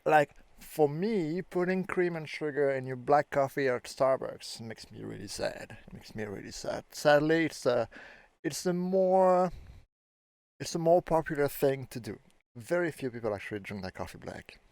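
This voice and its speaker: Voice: medium pitch, animated, moderate pace, a little mellow, no room sound. A host in a casual chat, speaking in an opinionated, emphatic way.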